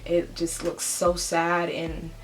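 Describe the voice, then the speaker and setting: A woman's voice: fairly low pitch, monotone, slow, soft background music. A young pregnant woman talking candidly in a casual vlog, emotional and laughing through tears. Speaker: vlogger.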